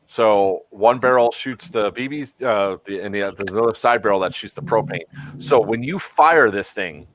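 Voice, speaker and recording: A man's voice: on the low side, normal speed, fairly bright tone, slight background noise. A man hosting a casual chat stream who rambles and fills his talk with frequent ums. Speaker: stream host.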